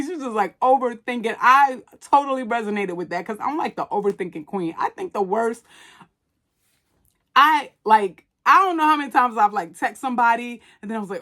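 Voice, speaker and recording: A woman's voice: fairly high pitch, lively intonation, normal speed, fairly bright tone. A woman hosting a podcast, giving blunt, casual commentary full of "like" and swearing. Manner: chatty, blunt and profane, with many "like" fillers. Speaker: podcast host reviewing a movie.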